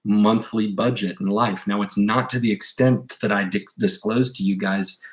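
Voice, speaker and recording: A man with a fairly low voice hosting an investing livestream. He talks in a casual, rambling way, stumbling and restarting phrases, and presses his advice on viewers insistently. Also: steady tone, normal speed. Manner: rambling, emphatic, with repeated restarts. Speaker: investing channel host.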